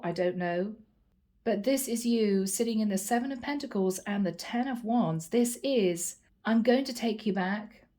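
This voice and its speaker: Woman doing a tarot reading for her viewers, soft mellow voice, earnest and chatty. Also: on the high side. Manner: earnest, addresses viewers as guys. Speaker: tarot card reader.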